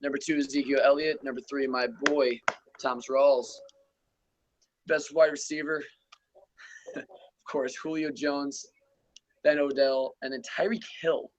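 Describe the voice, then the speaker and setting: A young man hosts a casual sports and gaming podcast, loosely going through football rankings and stats with profanity and offhand asides. He speaks a little slowly and pauses often, in a medium-pitched voice with little pitch movement, on a dry, poor-quality recording.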